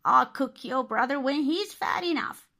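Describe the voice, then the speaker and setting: A woman's voice: high voice, lively intonation, a little slow, creaky, bright, forceful tone, pitched above the performer's own voice, exaggerated voice. A woman voicing a wicked old witch in a storybook reading, sing-song and gleeful with cackling laughs.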